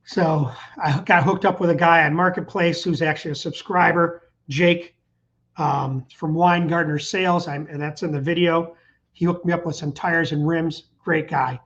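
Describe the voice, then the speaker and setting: A man's voice: a little high, steady tone, moderate pace, a bit bright, highs cut off. A middle-aged man hosting a casual live stream, rambling in an upbeat way and reading out viewer comments. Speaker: channel host. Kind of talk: casual livestream chat.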